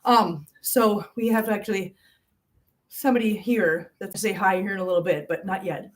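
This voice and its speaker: A woman's voice: medium pitch, steady tone, normal speed, distant mic. A woman hosting a casual livestream chat, greeting viewers by name and calling them pet names like hon and sweetie. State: out of breath. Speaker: channel host.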